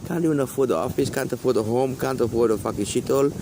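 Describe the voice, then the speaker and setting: A man's voice: mid-range voice, quick pace. A man hosting his own podcast from a park, rambling and repeating himself with lots of swearing. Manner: rambling, repetitive, swearing a lot. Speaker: podcast host. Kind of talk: rambling profane monologue. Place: outdoors in a park. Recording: outdoor traffic noise.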